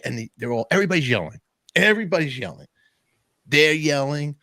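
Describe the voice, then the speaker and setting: Animated New man telling a story. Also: fairly high pitch, fairly quick, no room sound, studio quality. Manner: animated storyteller, acts out voices in quotes. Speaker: podcast host. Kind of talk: casual storytelling chat.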